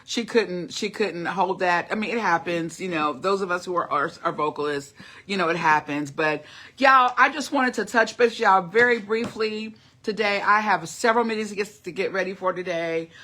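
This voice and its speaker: A middle-aged woman chats loosely with her viewers in a livestream, rambling and calling them y'all. Her voice is bright and forward. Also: fairly low pitch, normal speed. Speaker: vlogger. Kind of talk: casual livestream chat.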